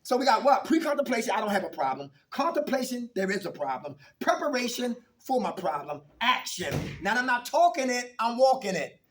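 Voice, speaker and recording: A man's voice: very high voice, sing-song, a little fast, hardly any pauses, recorded from a distance, background noise. A man leading a recovery meeting, coaching the group with call-and-response questions.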